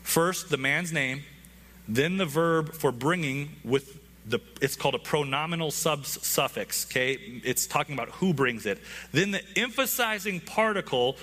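A man's voice: a little high, pushed and bright. A man, a pastor, preaching a conversational sermon to his congregation with frequent asides.

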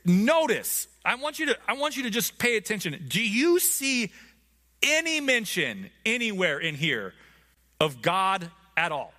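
A man's voice: high-pitched, big pitch swings, normal speed, pushed and bright. A man teaching a Bible lesson in a casual, conversational way, often checking in with his listeners.

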